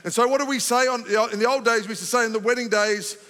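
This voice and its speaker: A man preaching in a church with a high, bright, sharp-edged voice that climbs to fervent peaks. His words ring out with a long reverb trailing through the hall. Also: fast. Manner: impassioned, rising to fervent emphasis then calming. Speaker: pastor. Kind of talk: sermon. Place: church sanctuary.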